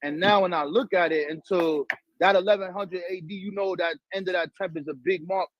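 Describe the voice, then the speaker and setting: Bronx-raised New York man, high voice, slangy and animated, dull dry lo-fi recording. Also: brisk, no echo. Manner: streetwise, profane, animated storytelling. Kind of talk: casual conversation.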